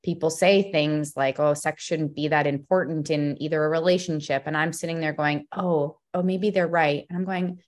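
A young woman talking as a podcast guest, expressive and a bit scattered, often restarting her sentences. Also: deep voice, moderate pace, hardly any pauses. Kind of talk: emotional personal conversation.

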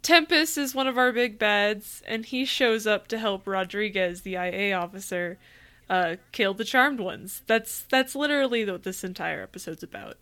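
A young woman co-hosts a podcast in a mid-range, fairly bright voice at a moderate pace. She chats casually and laughs often.

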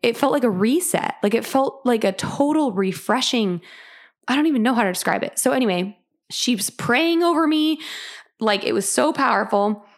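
A woman's voice: fairly high pitch, moderate pace. A young woman casually telling a personal story on a podcast, chatty and full of fillers. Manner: chatty, many "like" fillers, animated retelling. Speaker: podcast host sharing her story.

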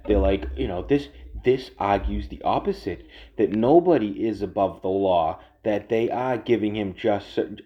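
A man's voice: on the low side, expressive, normal speed. Profane ranting man, dull audio. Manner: heated, profane, repetitive, sarcastic. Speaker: political commentator. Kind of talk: casual rant.

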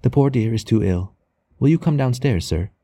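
A man reading an audiobook, voicing an excited young wife with a soft, eager delivery. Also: mid-range voice, normal speed, no room sound, clean studio sound, voice pushed up. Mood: eager hushed.

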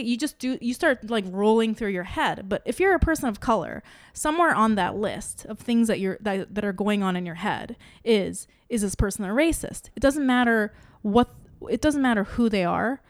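A woman's voice: medium pitch, animated, normal speed, no room sound, clean studio sound. A woman co-hosting a casual podcast chat who rambles with lots of "like" and restarts, swears freely and acts out the questions running through her head.

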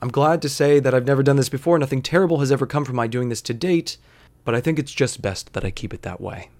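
A man's voice: mid-range voice, fast, slight background noise. Wry young man telling a story. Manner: wry, deadpan, conversational. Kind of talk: personal storytelling monologue.

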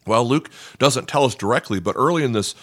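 A man's voice: medium pitch, lively intonation, brisk, a bit bright. A male pastor preaching a conversational sermon, asking rhetorical questions and voicing the people in the story.

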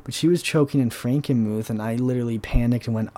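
A man's voice: mid-range voice, quick pace, mellow. A young man, hosting a podcast as a casual solo monologue, rambling, sarcastic and swearing freely. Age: young adult. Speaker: podcast host.

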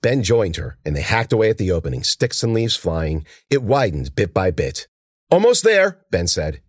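A male narrator reads the story in a low, husky voice. His delivery rises and falls with lively, expressive pitch. The recording is dry and close. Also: moderate pace, dry recording. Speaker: audiobook narrator. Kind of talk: scripted narration.

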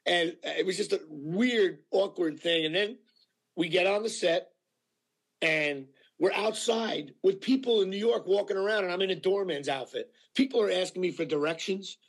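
A male actor telling anecdotes in a casual interview, animated and full of fillers, acting out what people said. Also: sits high, moderate pace. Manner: animated storyteller with many fillers, acting out quotes. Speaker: actor guest.

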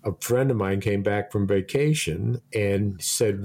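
A man with a fairly low voice tells meandering stories in a loose, conversational way. He laughs a lot as he talks and often starts his sentences over. He is middle-aged and talks like a regular co-host of the show. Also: measured pace, a little mellow. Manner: laughs often, rambling anecdotes with restarts. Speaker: podcast co-host. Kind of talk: casual storytelling chat.

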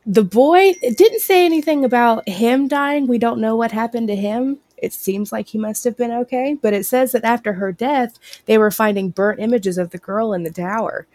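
A woman's voice: fairly high pitch, normal speed, few pauses, a little mellow, dry recording. A woman guest on a podcast, steadily telling urban legends in casual chat.

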